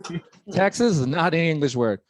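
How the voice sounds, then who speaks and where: A young man with a California accent performs stand-up, joking around and often mimicking the voices of people in his bits. His voice is fairly high, his intonation lively, and he talks briskly over some background noise.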